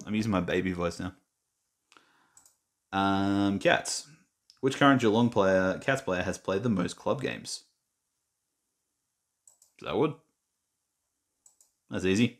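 Australian man, low voice, casual muttering commentary, self-mocking. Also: lively intonation, slow, pauses often. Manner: mutters and reads quiz questions aloud, self-mocking. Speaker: gaming vlogger. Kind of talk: casual screen-recorded commentary.

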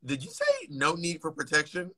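A man's voice: a little high, fairly quick, bright, forceful tone. An American man hosting a live stream over a phone, chatting casually with a guest in a blunt, teasing, playful way.

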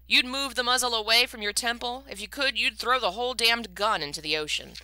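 A woman's voice: fairly high pitch, fairly quick, sharp tone, no echo, pitched above the performer's own voice. A woman reading a book aloud and voicing a desperate man who pleads urgently for his family's lives. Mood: pleading.

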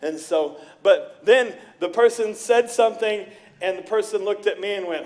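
A middle-aged man preaching a sermon as pastor, telling stories with lively voices for the people he quotes. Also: high voice, moderate pace. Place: church sanctuary.

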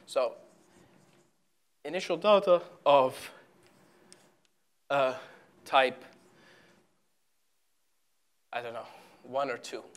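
Halting man giving a chalkboard lecture. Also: medium pitch, lively intonation. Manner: halting, full of fillers and restarts while writing. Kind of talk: live chalkboard math lecture. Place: lecture hall.

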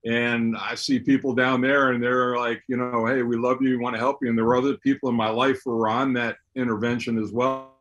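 Candid middle-aged man, mid-pitched. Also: flat delivery, brisk, hardly any pauses, fairly bright tone, highs cut off. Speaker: former basketball player, guest. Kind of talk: casual conversation.

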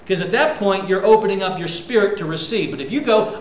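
A male preacher with a fairly high voice delivers a lively sermon, jumping between loud bursts and soft low lines and repeating words as he goes. He was recorded in an echoey room with faint noise in the background. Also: quick pace, hardly any pauses, dull audio.

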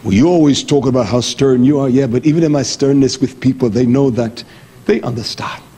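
A middle-aged man preaching a sermon, blunt and lively, jumping between high exclamations and low mutters. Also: brisk, slightly rough.

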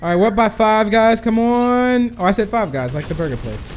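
High-voiced young guy doing game commentary, hypes himself up, lots of whoa whoa, bit of music underneath. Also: fairly quick. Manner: excitable, talks to viewers, bursts of whoa and cheering. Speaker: gaming YouTuber. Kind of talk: live gameplay commentary.

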